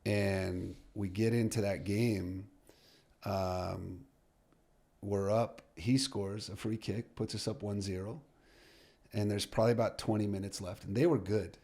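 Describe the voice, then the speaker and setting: A middle-aged man with a slightly low voice tells a story from his coaching career as a podcast guest. He talks loosely, with fillers and restarts, and slips into the voices of the people he quotes. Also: measured pace. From United States. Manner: lively storyteller who acts out dialogue, with many fillers and restarts.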